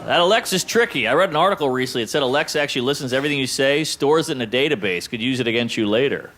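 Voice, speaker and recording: Stand-up comic, American man in his thirties, punchy wisecracks with a lively, bouncing pitch, noisy live recording. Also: very fast. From United States. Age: 30s. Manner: punchy, wisecracking joke delivery. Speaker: stand-up comedian. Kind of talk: stand-up comedy set.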